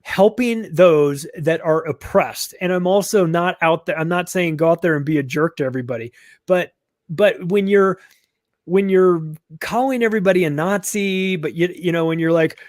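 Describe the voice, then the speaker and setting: A man's voice: a little high, normal speed, dry recording, studio quality. Blunt, mocking middle-aged man. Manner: blunt, mocking, acts out sarcastic impressions. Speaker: guest author. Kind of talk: casual conversational interview.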